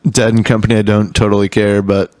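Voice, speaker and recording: A man's voice: on the low side, flat delivery, quick pace, darkish tone, dry recording. A young man, a singer-songwriter guest speaking in his home studio, chatting in a laid-back, offhand way and laughing easily. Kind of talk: casual chat.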